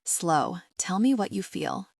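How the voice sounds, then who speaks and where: A woman narrating an audiobook voices a confident adult male lover on the phone, speaking slowly in a low, coaxing, commanding way. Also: animated, dry recording, studio quality. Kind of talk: audiobook character voice.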